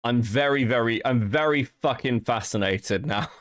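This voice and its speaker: A man's voice: medium pitch, moderate pace, no echo, studio quality. Profane, incredulous male streamer. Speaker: co-host. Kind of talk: casual stream commentary.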